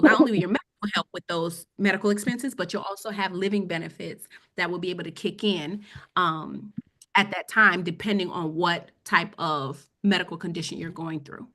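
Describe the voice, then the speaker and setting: A woman's voice: mid-range voice, fairly bright tone. A woman teaching a casual webinar on finance, chatting with her audience and often checking in with "okay?". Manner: conversational, repeats "okay?" to check in. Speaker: financial educator.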